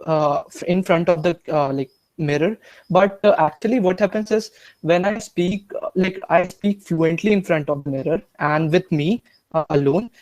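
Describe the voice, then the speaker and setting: A man's voice: fairly high pitch, normal speed, darkish tone, poor audio. A man from the audience asking a question hesitantly, with many fillers.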